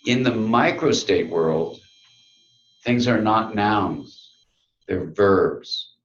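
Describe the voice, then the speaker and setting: A middle-aged man giving a reflective talk to an audience, telling a story with quiet, dramatic pauses. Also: lowish voice, echoey room, lo-fi sound. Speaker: speaker.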